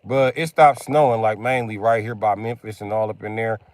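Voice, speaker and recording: A man's voice: on the low side, fairly even intonation, brisk, no echo. Profane, rambling male streamer. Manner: profane, rambling, tosses in "you know what I mean". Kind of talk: casual gameplay commentary.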